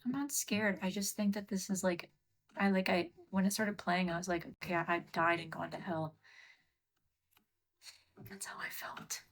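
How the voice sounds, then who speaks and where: A woman chatting casually on a livestream from her home workspace, rambling and scolding her pets with soft muttered asides. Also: fairly low pitch, steady tone, a little fast.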